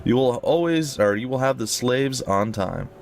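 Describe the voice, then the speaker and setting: A man voicing a nervous male henchman who speaks in a low, uneasy voice. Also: animated, normal speed, darkish tone, lightly acted.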